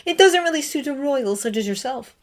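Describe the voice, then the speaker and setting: A woman's voice: sits high, expressive, fairly quick, voice pushed up. A woman voicing a cocky teenage wizard bully who taunts and mocks, in a read-aloud fan story. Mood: mocking. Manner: taunting, mocking, loud.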